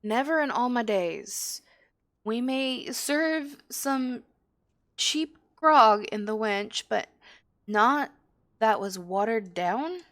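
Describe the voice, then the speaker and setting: A woman's voice: on the high side, expressive, slow, a bit bright, no room sound, clean studio sound, exaggerated voice. A woman voicing a teasing female tavern keeper, reading her lines aloud.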